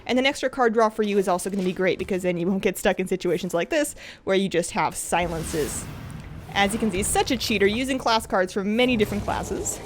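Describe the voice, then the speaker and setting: A woman's voice: brisk, background noise. A woman giving casual, upbeat commentary over her own card game play, talking the viewer through each move in a chatty, friendly manner. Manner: chatty, upbeat, lively pitch swings. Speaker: gameplay commentator.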